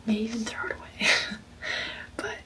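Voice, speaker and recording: A woman's voice: normal speed, pushed and bright, low-quality recording. A young woman vlogger whispering her gasping, gushing reactions to a book late at night before bed. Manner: gasping, gushing, says like a lot.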